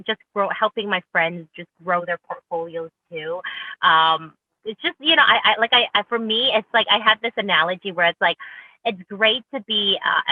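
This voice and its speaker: A woman's voice: on the low side, no room sound. Eager woman guest on a tinny phone line, dry sound. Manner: upbeat, eager, many restarts. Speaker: real estate agent guest. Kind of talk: casual interview chat.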